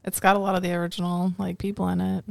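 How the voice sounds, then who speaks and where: A podcast co-host with a gravelly, creaky voice, chatting casually about movies. Mid pitch, dry close sound. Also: completely flat delivery, rapid-fire, dry recording. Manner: casual, many likes and ums. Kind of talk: casual chat.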